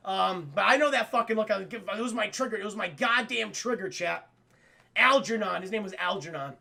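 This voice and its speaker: Gravelly, excitable man recapping for chat. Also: high voice, slight background noise. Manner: profane, excitable storyteller who keeps addressing chat; acts out the characters' lines in quick voices. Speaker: streamer reviewing a cartoon. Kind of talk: casual livestream recap.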